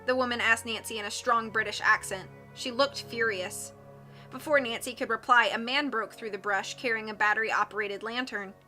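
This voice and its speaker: Bright-voiced woman reading a novel. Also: a little high, fairly even intonation, moderate pace, faint music behind. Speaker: audiobook reader. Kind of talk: reading a mystery novel aloud.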